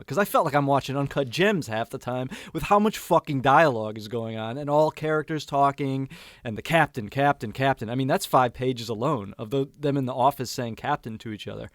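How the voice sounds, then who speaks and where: A man's voice: mid-range voice, normal speed, fairly bright tone, no echo, studio quality. A man guesting on a movie podcast, talking casually in a blunt, profane way with sudden laughing outbursts. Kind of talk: casual chat.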